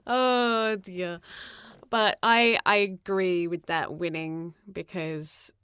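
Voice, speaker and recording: A woman co-hosting a gaming podcast, easygoing and quick to laugh. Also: lowish voice, steady tone, a bit bright, smooth, no echo. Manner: laughs often, slow and easygoing. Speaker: podcast co-host. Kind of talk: casual podcast chat.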